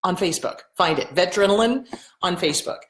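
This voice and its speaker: A middle-aged woman hosting a casual live Q&A, blunt and animated, swearing freely and acting out the voices she quotes. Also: lowish voice, a little fast, reverberant, slight background noise. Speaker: host answering viewer questions.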